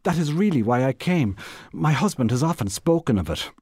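A man's voice: mid-range voice, big pitch swings, fairly quick, a little mellow, slightly rough, dry recording, clean studio sound, pitched above the performer's own voice. A man reading aloud voices a proud, talkative middle-aged wife in a raised, chattering, indignant voice. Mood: apologetic.

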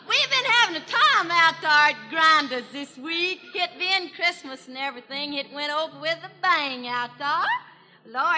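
Minnie Pearl, shrill country gossip. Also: female voice, sharp tone, exaggerated voice. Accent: Southern US, rural Tennessee. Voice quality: shrill, hollering country twang. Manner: rambling folksy storytelling with giggles. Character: chatty young country gossip gal, excitable. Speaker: comedian. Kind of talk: 1940s radio comedy monologue. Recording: 1940s radio broadcast, long hall reverb.

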